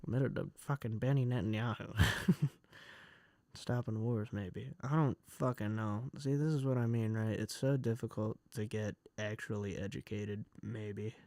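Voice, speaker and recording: A man's voice: on the low side, steady tone, measured pace, darkish tone, no room sound. A man streaming, ranting with angry, profane exasperation as he reads news aloud. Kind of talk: casual ranting commentary while reading news aloud.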